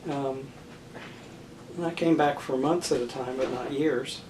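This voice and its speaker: A man's voice: medium pitch, fairly even intonation. Older man recalling family life, distant. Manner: thoughtful, halting, many fillers and restarts. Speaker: interviewee. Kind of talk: oral history interview. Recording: roomy, distant mic with faint noise.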